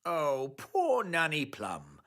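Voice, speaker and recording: A man's voice: fairly high pitch, wildly swooping pitch, takes it slowly, a bit bright, exaggerated voice. An actor playing a jolly, bumbling fairy king with a cold in a cartoon, hearty and exclaiming. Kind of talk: cartoon voice acting.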